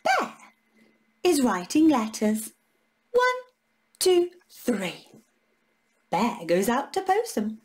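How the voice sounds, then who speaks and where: A woman storyteller reading to little ones, her high voice leaping up and down with every line. She takes her time, drawing out each word, and fills the story with gasps and sing-song counting. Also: huge pitch swings, extremely slow, long pauses. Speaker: children's storyteller. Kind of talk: animated read-aloud for young children.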